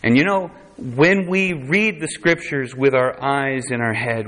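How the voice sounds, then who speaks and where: A man's voice: on the low side, a bit bright. A man preaching a conversational sermon, quoting scripture in a dramatic voice. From United States.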